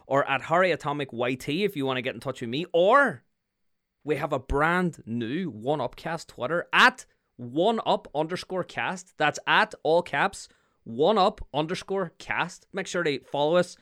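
An excitable man chats as a podcast co-host, his voice sitting a little high. He jumps in with sudden loud bursts and laughs often. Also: normal speed. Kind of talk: casual podcast chat.

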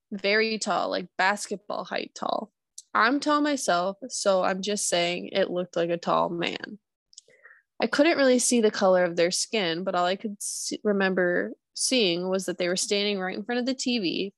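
A woman's voice: medium pitch, creaky, no room sound. A young woman chats on a podcast in a loose, easygoing way, laughing and swearing as she goes. Her voice sits in a middle range, recorded close and dry with no room sound. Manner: chatty, swears and laughs easily. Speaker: podcast co-host. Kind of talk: casual chat, reading a listener story.

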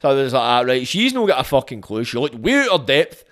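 A young man with a Glaswegian Scottish accent, hosting a podcast and telling a sweary, animated story, acting out quotes along the way. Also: medium pitch, quick pace. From Scotland. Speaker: podcast host. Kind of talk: casual storytelling monologue.

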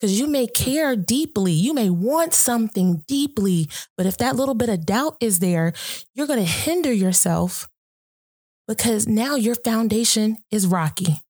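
A woman's voice: a little high, lively intonation, measured pace, darkish tone, dry recording, studio quality. A woman hosting a podcast, talking earnestly and reflectively about faith and often breaking into laughter. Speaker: podcast host. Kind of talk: casual conversation about faith.

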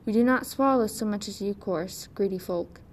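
A woman voicing a rude, shrill old male dwarf in a storybook reading, snapping and scolding. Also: normal speed, a little mellow, lightly acted. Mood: angry scolding.

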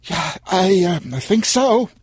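A man's voice: fairly high pitch, very animated, unhurried, husky, dry recording, voice pushed up, full character voice. A man voicing a panicky, clumsy young gamer in an audio story, frantic and pleading. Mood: panicked.

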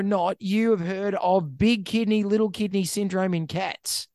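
A man's voice: high-pitched, fairly even intonation, measured pace, darkish tone, no echo, studio quality. A man, a vet co-hosting a casual chat show, joking and often stumbling over his words. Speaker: veterinarian co-host.

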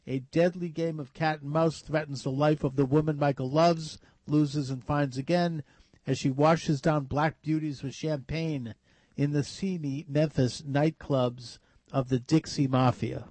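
A man hosting a talk radio show, reading a review aloud and chatting with halting fillers. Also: fairly high pitch, steady tone, darkish tone, no echo.

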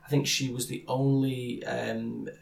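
Man, podcast co-host, gravelly voice, rambling casual sports chat. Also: medium pitch, little pitch movement, measured pace. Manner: rambling, many restarts and fillers.

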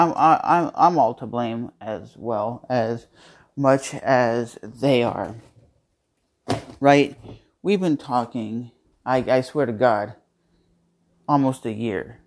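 Man, podcast host, casual monologue, candid, rambling storytelling, home kitchen, mid-pitched voice. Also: slow pace.

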